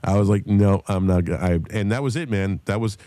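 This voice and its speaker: A man in a casual podcast chat, spinning a profane, animated story. His voice sits fairly low and sounds dry and close to the mic. When he quotes other people, he throws his voice into a loud, high shout. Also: a little fast, no echo. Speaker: podcast host.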